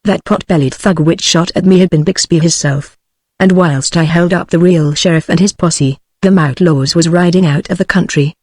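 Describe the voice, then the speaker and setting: A text-to-speech voice of a woman with a British English accent, reading an audiobook in a steady, even way. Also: fairly low pitch, moderate pace, no room sound. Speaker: audiobook narrator.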